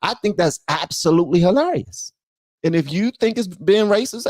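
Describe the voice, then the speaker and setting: A man hosting his own channel, giving blunt, animated commentary and talking straight to his viewers. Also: high voice, normal speed, no echo, clean studio sound. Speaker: channel host. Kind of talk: casual political commentary.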